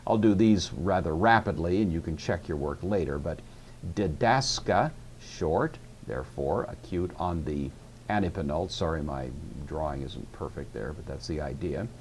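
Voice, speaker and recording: A man with a low, deep voice teaches through a recorded lecture. He works through each step methodically and patiently. A faint hiss of noise sits under the recording. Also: normal speed, darkish tone. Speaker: Greek teacher.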